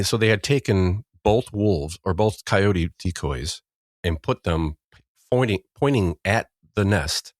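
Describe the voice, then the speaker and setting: Middle-aged Midwestern man, very low voice, rambling storyteller, dry close mic. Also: measured pace, dry recording. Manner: rambling storyteller, acts out quotes loudly. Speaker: podcast co-host. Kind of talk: casual chat.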